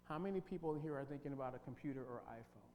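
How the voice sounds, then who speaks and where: Quizzing the group and stressing his points, this workshop leader runs a team-building session in a church hall, speaking fast in a mid-range voice with a dark tone. A long hall reverb and faint hum color the audio.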